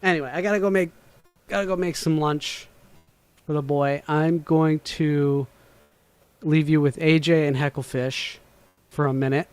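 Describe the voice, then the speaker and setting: Man, livestream host, rambling, swears casually, slightly high voice, dry sound, faint music behind. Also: steady tone, moderate pace, long pauses, a little mellow, clear, resonant tone, no room sound. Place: home room.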